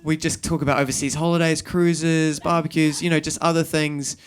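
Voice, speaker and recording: Kiwi bloke doing stand-up, fairly high voice, rambly self-deprecating stories, acts bits out. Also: male voice, level tone, brisk. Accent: New Zealand. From New Zealand. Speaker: stand-up comedian. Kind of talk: stand-up storytelling. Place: stage at a live comedy show.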